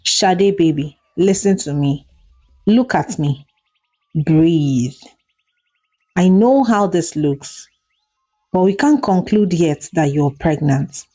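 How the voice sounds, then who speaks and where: Lady playing worried guy, low calm voice, slow, trying to reassure. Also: faint music behind. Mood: soothing. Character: young man, anxious boyfriend trying to soothe.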